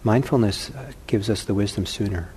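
A man teaching meditation who answers questions from the audience in a calm, gently humorous way and thinks aloud as he talks. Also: fairly low pitch, moderate pace, slight background noise.

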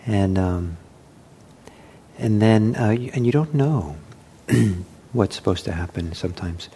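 Soft-spoken man giving a dharma talk. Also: on the low side, animated, slight background noise. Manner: gentle, unhurried, with frequent fillers and restarts. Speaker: meditation teacher.

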